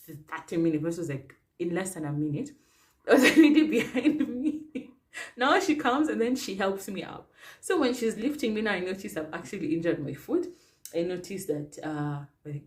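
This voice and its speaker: Kenyan woman vlogger, young, slightly low voice, lively casual storytelling. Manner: chatty, animated, filler-heavy.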